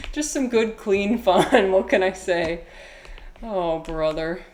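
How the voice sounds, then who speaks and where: A woman's voice: medium pitch, expressive, very slow, darkish tone, a little hiss or hum. A woman live-streaming a game, chatting casually with viewers, reading their comments aloud, often giggling and joking at her own expense. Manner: chatty, giggly, self-deprecating, reads chat aloud. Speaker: livestreamer playing a game.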